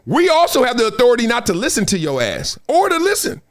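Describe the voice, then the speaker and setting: A fairly high-pitched man with a lively, swooping voice hosts a live sports talk show. He tells stories in loose, casual slang and laughs often. He slips into other people's voices as he talks. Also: quick pace.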